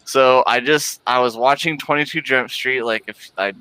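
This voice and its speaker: A man in his thirties chatting on a livestream, rambling and laughing his way through a story. His voice is bright and crisp. The sound is dry and close. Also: medium pitch, moderate pace, no echo, low-quality recording. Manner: rambling, laughs often, lots of "like". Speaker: livestream host. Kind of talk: casual storytelling chat.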